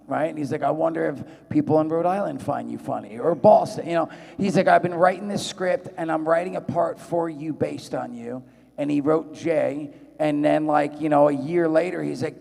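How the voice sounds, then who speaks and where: Profane storyteller in a big hall. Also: male voice, fairly high pitch, vocal fry. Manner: profane, rambling, animated voices in quotes. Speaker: convention panel guest. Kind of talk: storytelling to a live audience. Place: large convention hall. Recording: long hall reverb.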